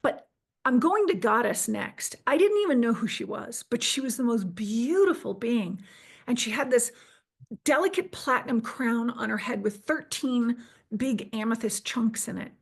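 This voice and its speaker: A woman's voice: on the high side, animated, normal speed, gravelly, breathy edge. Earnest woman telling her story. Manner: earnest, restarts and quotes herself. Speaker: interview guest. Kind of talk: personal storytelling.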